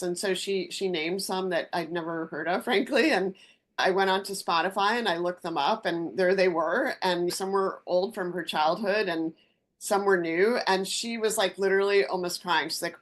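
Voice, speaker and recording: Woman, middle-aged, low-pitched, company founder, interview guest, lively storyteller, acts out dialogue. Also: moderate pace. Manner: animated anecdotes with acted-out dialogue.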